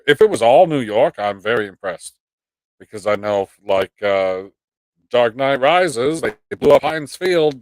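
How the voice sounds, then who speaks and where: Swearing, animated man ranting on a live stream. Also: mid-range voice, no room sound, poor audio. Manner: animated, profane ranting with mock quotes. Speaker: host of a live pop culture stream. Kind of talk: casual live-stream chat.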